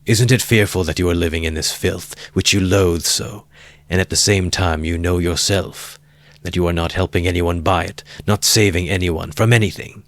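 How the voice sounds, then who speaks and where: A brooding, feverish young man, as a man reads him speaks slowly and bitterly in a very deep voice. The sound is close and dry. His intensity builds in this storybook reading. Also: fairly even intonation, dry recording. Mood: intense. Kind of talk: audiobook character voice.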